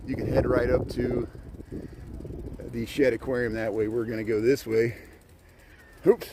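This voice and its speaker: A friendly, talkative man gives a live tour from his bike, pointing out sights as he goes. His voice sits at an ordinary middle pitch. Wind and traffic noise come through clearly around him outdoors. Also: little pitch movement, unhurried, a little mellow, rough recording. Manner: chatty, points out sights as he rides. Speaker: vlogger giving a livestreamed bike tour. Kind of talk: casual live tour commentary. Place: outdoors by a city lakefront harbor, riding a bike. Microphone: camera mounted on a bike. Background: wind noise from riding.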